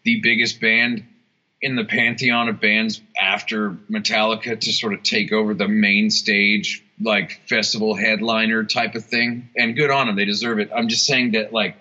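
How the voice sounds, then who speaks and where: A man with a lowish, fairly flat voice and a sharp edge speaks at moderate speed as an interview guest; he's a guitarist and songwriter. The chat is casual and rambling, packed with restarts, fillers and swearing, captured in dull lo-fi sound.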